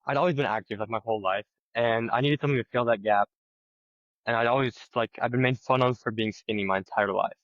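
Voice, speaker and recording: A teenage boy from Minnesota answers podcast questions in a relaxed, rambling way, filling his sentences with "like" and "um". His audio comes through a bit dull and muffled, with a dry sound and no room around it. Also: mid-range voice, quick pace, no room sound. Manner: relaxed, filler-heavy, says "like" a lot. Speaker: guest. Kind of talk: casual interview answers.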